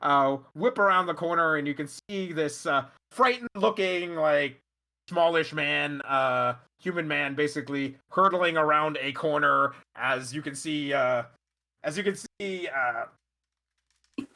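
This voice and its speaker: A man runs the table as game master, his voice sitting a little high with a bright, forceful edge. He narrates loosely, stacking fillers and breaking into laughter as he goes. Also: unhurried.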